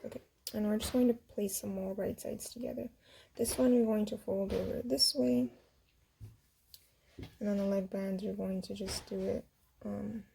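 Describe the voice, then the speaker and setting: A young woman casually walking viewers through a sewing project at home, chatty and quick to laugh at herself. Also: mid-range voice, creaky, warm tone, a little hiss or hum. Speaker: sewing tutorial host. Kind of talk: casual step-by-step sewing demo.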